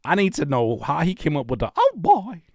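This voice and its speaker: A man hosting a music-reaction livestream talks in a loose, slangy way, full of jokes and teasing. His pitch jumps all over as he gets worked up. The sound is close and dry, with almost no room. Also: fast, dry recording. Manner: animated, joking, slangy, slips into mocking voices. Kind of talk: casual livestream chat.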